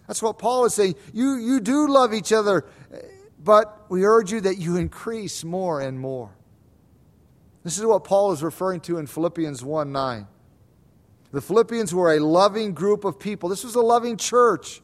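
High-voiced man preaching emphatically. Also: expressive, moderate pace. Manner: emphatic preaching, swings between soft and loud; repeats words for stress. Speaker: pastor. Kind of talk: sermon.

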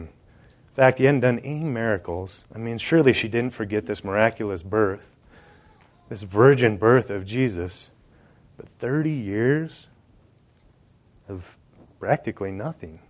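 A man's voice: medium pitch, darkish tone. A man preaching a sermon, joking and talking straight to the congregation in an indoor hall. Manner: conversational and joking, addressing the congregation directly.

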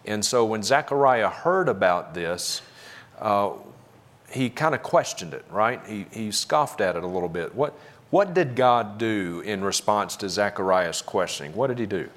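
A man's voice: lowish voice, expressive, normal speed, a bit bright. A man preaching a sermon, commenting on clips with sarcastic, critical emphasis. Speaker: pastor.

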